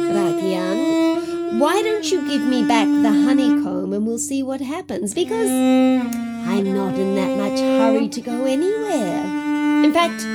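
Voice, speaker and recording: A woman's voice: sits high, pitched above the performer's own voice. A woman doing a tearful young bee woman.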